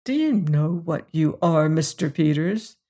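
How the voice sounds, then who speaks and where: A reader doing a sharp, contemptuous woman. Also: low-pitched, lively intonation, measured pace, heavily acted. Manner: crisp, scornful and firm. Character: shrewd, sharp-tongued woman, contemptuous and cool. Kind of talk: audiobook character reading.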